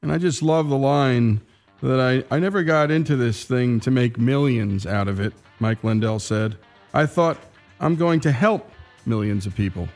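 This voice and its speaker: A man's voice: medium pitch, normal speed, darkish tone, soft background music. A male radio host wrapping up a segment, folksy and talking straight to the listeners. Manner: folksy, addresses listeners directly. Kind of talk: radio show segment wrap-up.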